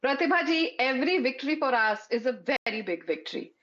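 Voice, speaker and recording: Fast, combative woman spokesperson. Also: high-pitched, lively intonation, fairly bright tone, muffled recording. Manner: combative, rapid, mixing Hindi into English. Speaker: party spokesperson. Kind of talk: heated TV panel debate.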